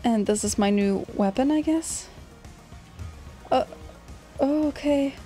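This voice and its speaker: A woman's voice: sits high, slow, dark tone, soft background music. A woman giving casual let's play commentary, chatty and easily startled. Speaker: gaming channel host.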